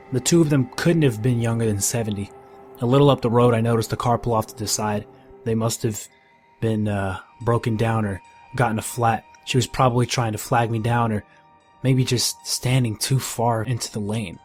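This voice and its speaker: A man reading a first-person horror story in a measured, grim storytelling manner. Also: medium pitch, fairly even intonation. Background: faint music.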